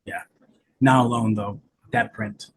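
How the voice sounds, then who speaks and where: A man's voice: mid-range voice, fairly even intonation, a little slow, crowd noise. A man playing in a tabletop game, answering in short, terse lines. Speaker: player. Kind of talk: casual tabletop game chat.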